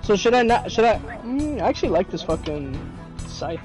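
High, lively young man gaming. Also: moderate pace, soft background music. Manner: laughing, swearing, joking. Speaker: gamer. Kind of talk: casual game chat.

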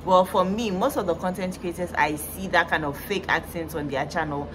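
A woman's voice: on the low side, a little fast, background noise. A young woman, a guest chatting casually on a vlog with teasing asides. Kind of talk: casual chat.

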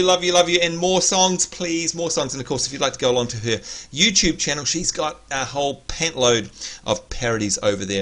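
A man's voice: fairly high pitch, a bit bright. An Australian man hosting a gaming livestream, chatting playfully and teasing his viewers. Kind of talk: casual livestream chat.

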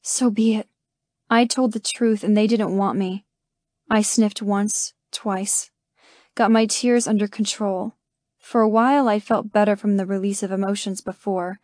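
A woman narrating a first-person romance audiobook in a soft, emotional storytelling voice. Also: medium pitch, dry recording, clean studio sound.

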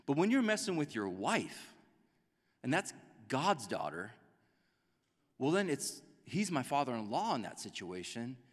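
A man preaching a sermon as a pastor, in a conversational, animated way that acts out quotes. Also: medium pitch, big-room sound. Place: church sanctuary.

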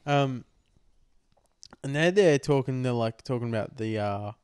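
A young man telling a loose, sweary story as a podcast co-host. His voice sits at a middle pitch and sounds close and dry, with little room around it. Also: lively intonation, unhurried, a little mellow, clear, resonant tone, dry recording. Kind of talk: casual chat.

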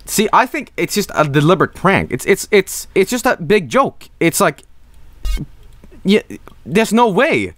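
A man streaming a video game, rambling and swearing in animated, casual commentary. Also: sits high, a little slow, dry recording, soft background music. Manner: rambling, profane, animated, jumps to silly voices.

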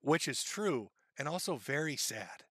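A man's voice: a little high, very animated, unhurried, a bit bright, dry recording. A man hosting a stream, mocking and ridiculing the person in the clips he plays. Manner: sneering, ridiculing, laughs at clips.

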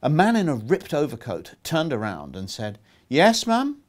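A man reading aloud from his own novel with expression, lifting his pitch sharply for the characters' lines. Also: sing-song, normal speed, darkish tone. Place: historic underground rooms.

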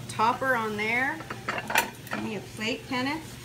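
A woman hosts a casual cooking video in a retreat center kitchen, chatting to the camera as she cooks, bubbly and playful with sing-song asides. Her voice is fairly high and a little slow. It's filmed on a handheld camera or phone, with noisy ambient sound around her.

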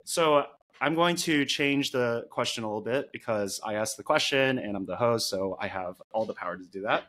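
Young man, podcast host, bright tone, relaxed casual chat, frequent fillers. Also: mid-range voice, normal speed. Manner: relaxed, laughs between thoughts, many fillers.

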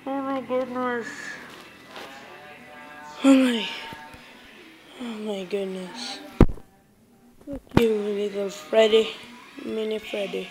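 A woman's voice: on the high side, steady tone, takes it slowly, pauses often, over music, rough recording. A woman giving casual let's-play commentary on a horror game, jittery and swearing often, repeating her exclamations. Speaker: gamer playing a horror game.

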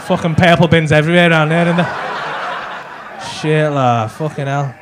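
A stand-up comedian with a Liverpool accent, working the crowd in a comedy club with brash, sweary, teasing banter into a handheld mic. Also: male voice, on the high side, normal speed, noisy background. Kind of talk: live stand-up crowd work. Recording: live club with loud crowd laughter.

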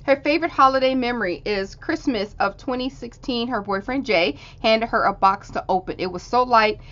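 A woman's voice: on the high side, normal speed, fairly bright tone. A woman hosting a crafting channel, gushing in casual show-and-tell as she unboxes handmade cards. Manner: gushing, exclaims and swoops up in delight. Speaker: crafting channel host unboxing a card swap. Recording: dull lo-fi sound with faint hiss.

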